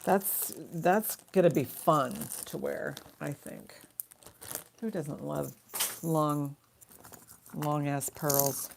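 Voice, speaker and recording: A woman's voice: sits low, very slow, vocal fry, slight background noise. A middle-aged woman hosting a live jewelry auction stream, chatting casually and rambling, laughing often.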